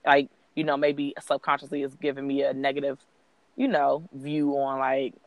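A woman's voice: very deep voice, flat delivery, dry recording. A woman and mother in casual chat, speaking reflectively and encouragingly. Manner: reflective, encouraging, drawn-out phrasing.

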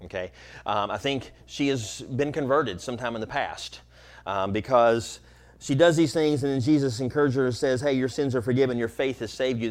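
Middle-aged male pastor, relaxed explanatory sermon delivery, loose and chatty with frequent ums and restarts, mid-pitched voice. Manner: casual, explanatory, many fillers and restarts. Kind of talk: conversational sermon.

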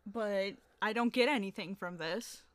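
A woman's voice: medium pitch, unhurried, dry recording. A woman co-hosting a casual podcast, trading blunt, dry insults with the host. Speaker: co-host, host's girlfriend. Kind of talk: casual chat.

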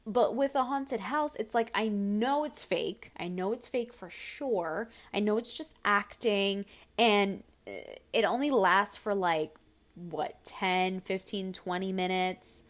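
Slow, rambling young woman podcaster. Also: mid-range voice. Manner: rambling, animated storytelling with filler words. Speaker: podcast host. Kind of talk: casual solo podcast chat.

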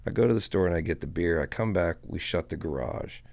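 A man telling a story to a podcast host in a casual, profane, animated way, acting out what people said. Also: low-pitched, a little fast, creaky. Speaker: guest musician.

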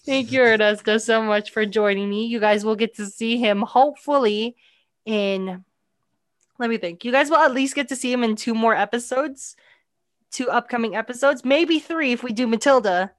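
A woman's voice: on the high side, moderate pace, no echo, studio quality. A young woman hosting a podcast, chatting casually about a movie with lots of "like" fillers. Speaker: podcast host.

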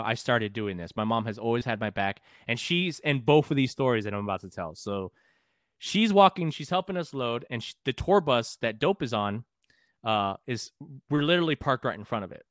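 A man's voice: mid-range voice, fairly bright tone, dry recording, studio quality. A man from Texas, a podcast guest and musician, telling a story casually, profane and rambling with frequent restarts. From San Antonio, Texas.

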